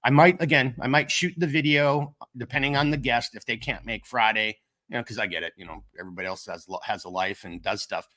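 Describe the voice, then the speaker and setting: On a gear company channel's casual livestream, the middle-aged host with a Minnesotan accent is catching a cold. His bright, forward, mid-range voice moves a little fast as he rambles and jokes self-deprecatingly.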